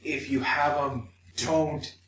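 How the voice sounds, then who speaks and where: Speaking slowly in a steady, somewhat high, slightly bright voice, a male podcast co-host tells a personal story packed with swearing and acted-out inner voices. It's a candid chat recorded in an echoey room with a distant mic and slight background noise.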